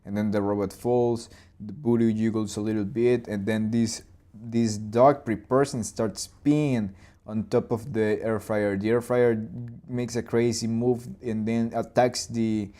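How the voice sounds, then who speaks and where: A man in his twenties or thirties hosting a live storyboarding session, talking loosely through his ideas, with restarts and boom and plop sound effects. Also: level tone, measured pace, mellow. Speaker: animator and channel host.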